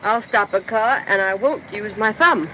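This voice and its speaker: An actress playing a spirited, petulant young heiress in an old 1930s film, heard through a dull, hissy soundtrack. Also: female voice, mid-range voice, moderate pace, lightly acted. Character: spoiled, headstrong runaway young heiress.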